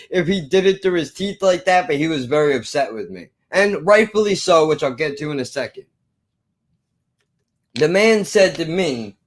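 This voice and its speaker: A man's voice: on the high side, normal speed. A man telling a profane personal story, acting out both sides of an old argument. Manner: animated, swearing, acts out both sides of an argument.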